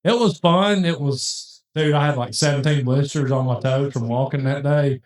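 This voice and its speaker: A man telling a long story in casual chat, rambling with animated asides and restarts. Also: medium pitch, moderate pace. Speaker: podcast host telling a hunting story. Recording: very echoey room.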